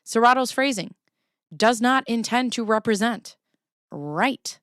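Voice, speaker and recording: A woman's voice: fairly high pitch, animated, a little slow, a bit bright, clear, resonant tone, dry recording, clean studio sound. A woman with a Chicago accent, hosting casual live commentary, reading court filings aloud and breaking off to joke and remark. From Chicago area. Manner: chatty, reads aloud then jokes and remarks. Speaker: commentary host.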